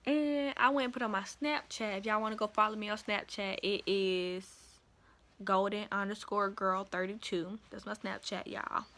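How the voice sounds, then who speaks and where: A young woman vlogger telling a work story in a chatty, animated way, calling her viewers y'all. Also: on the high side. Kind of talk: casual storytime.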